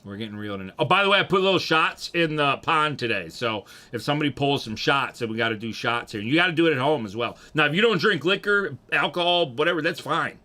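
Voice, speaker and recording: A man's voice: fairly high pitch, expressive, fast talker, few pauses, pushed and bright. A young man, rambling and joking profanely as he chats with his livestream audience. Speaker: streamer. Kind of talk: casual livestream chat.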